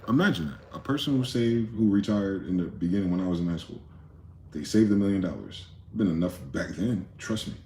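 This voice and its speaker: A man's voice: low voice, lively intonation, fairly quick, a little mellow, echoey room, slight background noise. A man hosting a rambling late-night monologue, profane and conspiratorial in tone, with many asides. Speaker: host.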